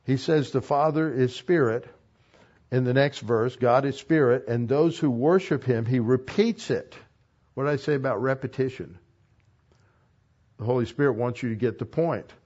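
A man giving an expository sermon as a Bible teacher. He reads a passage, then pauses to explain it. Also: medium pitch, a little mellow, dull audio.

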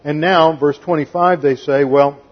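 On lo-fi audio, a pastor speaks at normal speed in a fairly high pitch with fairly even intonation. His methodical expository teaching includes reading scripture aloud, explaining Greek grammar, and occasionally voicing quotes with sarcasm.

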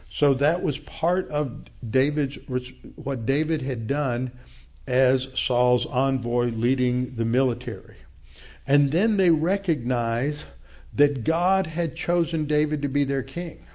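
A man's voice: mid-range voice, dark tone. A man giving verse-by-verse Bible teaching, emphatic on key points, who wanders off and loses his thread mid-sentence.

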